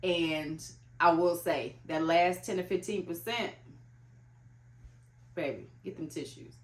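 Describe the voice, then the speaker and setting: A woman's voice: lowish voice, slow pace. A young woman chatting casually about books as a vlogger, talking loosely with lots of "like" fillers. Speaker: book vlogger. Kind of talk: casual chat. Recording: echoey room.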